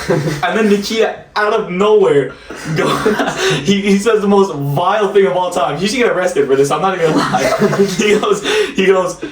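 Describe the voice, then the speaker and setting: Guy telling school stories and cracking up, kinda high voice, echoey far-off mic. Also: moderate pace. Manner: rambling storyteller, laughs often. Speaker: podcast host. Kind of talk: casual chat. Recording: echoey room, distant mic, faint noise.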